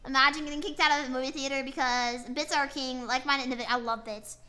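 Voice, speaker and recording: A woman's voice: high voice, steady tone, fast talker, bright, forceful tone, soft background music. A young woman streamer chatting casually while drawing, rambling and playful, joking about herself and filling gaps with "like" and "uh". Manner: rambling, playful, self-mocking, with frequent fillers. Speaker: VTuber streamer.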